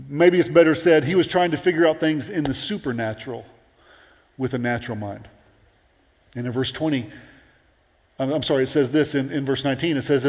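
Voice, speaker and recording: A man preaching a sermon in an animated, conversational way with playful asides. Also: a little high, big-room sound.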